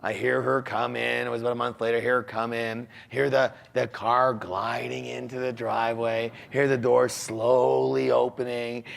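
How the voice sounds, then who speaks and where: A man's voice: mid-range voice, vocal fry, fairly bright tone. A man giving a motivational talk who tells a personal story and poses rhetorical questions to his audience before answering them himself.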